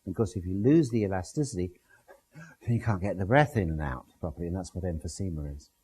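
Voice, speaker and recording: A man's voice: low-pitched, animated, fast, warm tone, slight background noise, low-quality recording. A man giving a classroom lecture with slides, explaining step by step with everyday comparisons.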